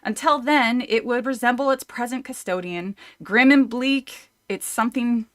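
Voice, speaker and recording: A woman's voice: fairly high pitch, normal speed, a bit bright. A woman streamer reading a horror novel aloud, often breaking off to chat, laugh and swear casually. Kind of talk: casual read-through with chat.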